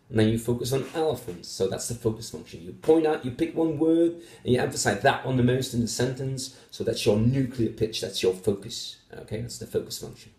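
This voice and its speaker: A man's voice: mid-range voice, moderate pace, darkish tone, echoey room. A man teaching phonetics, patiently explaining test answers in a recorded lecture, with many fillers as he thinks aloud.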